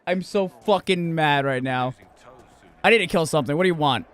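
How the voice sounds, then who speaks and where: A young man streams a game and rants in a casual chat, swearing through melodramatic outbursts. His voice sits on the high side, a bit bright, and he talks briskly.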